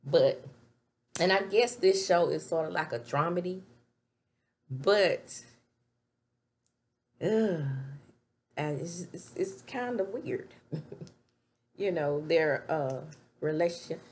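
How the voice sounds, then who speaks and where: A woman recapping a TV show in casual, animated chat from a home webcam setup. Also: on the low side, slow, pauses often, slight background noise. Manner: chatty, animated, laughs while retelling scenes. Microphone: webcam setup with ring light.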